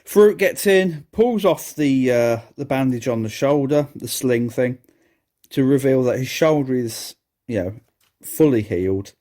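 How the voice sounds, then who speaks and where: A man's voice: mid-range voice, animated, unhurried, dark tone. A man hosting a solo podcast, reviewing an old wrestling event with sarcastic humor and frequent laughter. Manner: sarcastic, laughs at what he describes. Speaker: podcast host.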